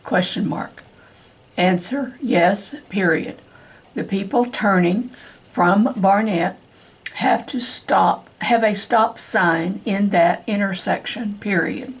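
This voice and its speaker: Slow, husky woman reading dictation. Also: mid-range voice. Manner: slow, deliberate, evenly paced reading. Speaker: dictation reader for court reporting practice. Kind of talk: slow dictation with spoken punctuation.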